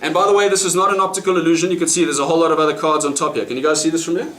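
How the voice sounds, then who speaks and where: A South African man with a matching accent performs card magic indoors at a restaurant, talking at a racing pace in a fairly high, steady, fairly bright voice. The room echoes, and he chats, laughs between lines, and asks his audience questions.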